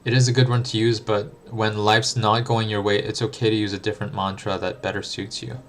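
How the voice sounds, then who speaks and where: A man's voice: lowish voice, flat delivery, brisk, slight background noise. A young adult man streaming live, answering chat in a reflective, thinking-aloud way with frequent ums and restarts. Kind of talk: casual livestream chat.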